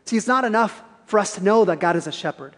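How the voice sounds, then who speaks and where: In a reverberant church hall, a pastor delivers an earnest, probing sermon, putting pointed questions to the congregation. His voice is high-pitched and a bit bright, and he talks quickly and expressively.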